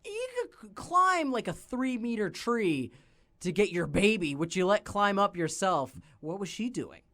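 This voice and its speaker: A man's voice: sits high, very animated, unhurried, sharp tone. A man co-hosting a podcast, chatting casually about a cartoon with dry quips and laughs. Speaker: podcast co-host. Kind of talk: casual chat recapping a cartoon.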